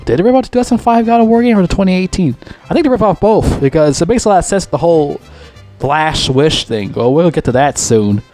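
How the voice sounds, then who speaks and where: A man casually reviewing a movie, rambling, swearing heavily and repeating himself, his voice jumping up high when he gets excited retelling scenes.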